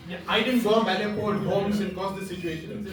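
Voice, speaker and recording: Male stand-up comic, winding storytelling, deadpan asides, high voice, echoey room. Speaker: stand-up comedian. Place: small pub comedy night. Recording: echoey pub room, far mic.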